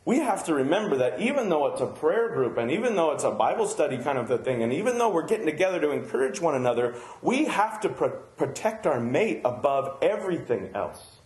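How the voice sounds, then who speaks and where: A man's voice: fairly high pitch, sing-song, fairly quick, hardly any pauses, a little mellow, roomy sound. A man preaching a sermon as a pastor, talking in a loose, conversational way with frequent asides to the listeners.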